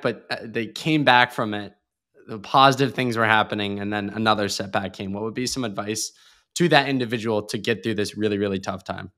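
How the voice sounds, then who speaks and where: A man hosting a podcast, asking measured, searching questions of his guest. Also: fairly low pitch, a bit bright. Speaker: podcast host.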